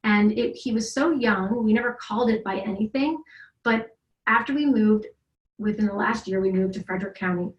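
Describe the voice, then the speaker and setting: A woman's voice: medium pitch, moderate pace, dull audio. A middle-aged woman tells a long family story in a loose, rambling way and keeps restarting her sentences. Her voice sits mid-range, and the room adds a noticeable echo. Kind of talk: casual conversation. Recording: roomy echo.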